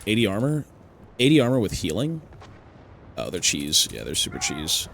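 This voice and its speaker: Man, casual game commentary, low voice, lively intonation, thinking aloud. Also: normal speed, creaky, slight background noise. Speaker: streamer playing a strategy game.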